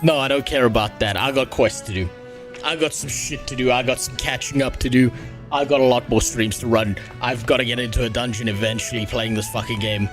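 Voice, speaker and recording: A male streamer grumbling his way through a game, swearing freely in a crude, offhand running commentary. His voice sits at an ordinary middle pitch. Faint game music plays behind him. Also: steady tone, a little fast. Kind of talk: casual gameplay commentary. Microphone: headset.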